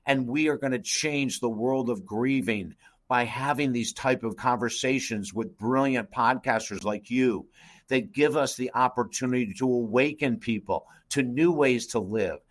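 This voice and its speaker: A man's voice: medium pitch, unhurried. A middle-aged man, a guest life coach, telling an emotional personal story in an earnest, intense way. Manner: earnest, intense, addresses host by name.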